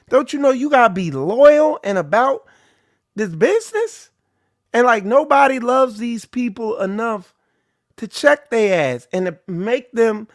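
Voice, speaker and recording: A ministry leader with a very high-pitched voice gives an informal sermon, preaching in a blunt, animated way. The recording is dry and of studio quality.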